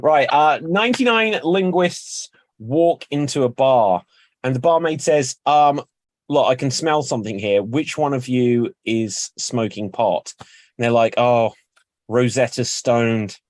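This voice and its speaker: Slow-talking male improv host. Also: medium pitch, animated, no room sound. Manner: unhurried, chuckling at puns. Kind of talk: casual improv hosting.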